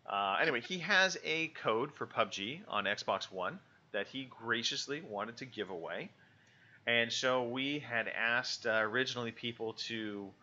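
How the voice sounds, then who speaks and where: A man's voice: medium pitch, sharp tone, muffled recording. A man co-hosting a podcast in a loose, joking chat full of fillers. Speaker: podcast co-host.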